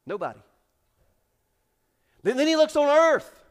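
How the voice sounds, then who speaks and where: High-voiced preacher, dramatic swings. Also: male voice, expressive, unhurried. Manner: preaches with rising, shouted dramatic build-ups and hushed drops; acts out characters in raised voices. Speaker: pastor. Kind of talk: sermon. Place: church sanctuary.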